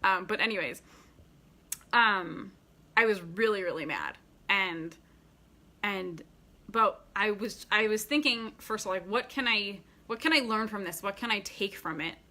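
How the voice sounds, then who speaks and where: Bright-voiced chatty woman in her thirties. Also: medium pitch, unhurried. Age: 30s. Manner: chatty, many fillers and restarts; laughs often while talking. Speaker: vlogger. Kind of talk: casual storytelling to camera.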